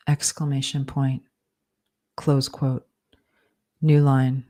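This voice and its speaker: A woman author dictating her novel aloud, slowly and deliberately, speaking punctuation marks and edit commands between phrases. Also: rumbling low, little pitch movement, dark tone.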